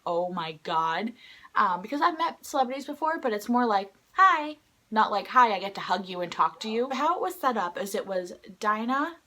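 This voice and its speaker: A young woman vlogger telling an excited, rambling story to the camera, filling it with "like" and acting out quotes. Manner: excited, rambling, heavy use of "like"; acts out quoted lines in a higher voice. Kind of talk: casual storytelling vlog.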